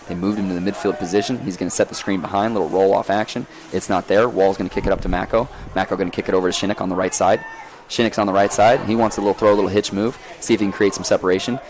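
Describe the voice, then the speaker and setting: A man giving live play-by-play commentary on a lacrosse game outdoors, folksy and energetic as he calls the action. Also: deep voice, racing.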